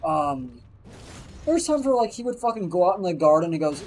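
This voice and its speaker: A man's voice: sits high, fairly quick, poor audio. Guy streaming, cussing nonstop through a goofy story, faint noise behind. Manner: profane, animated anecdote telling. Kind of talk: casual storytelling.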